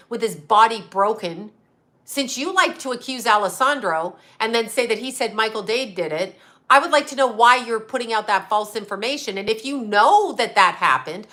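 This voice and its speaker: A woman's voice: fairly high pitch, sharp tone. Angry middle-aged woman on a livestream. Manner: angry, profane, confronting a critic with rapid-fire questions. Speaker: psychic medium. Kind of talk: heated livestream rant to viewers.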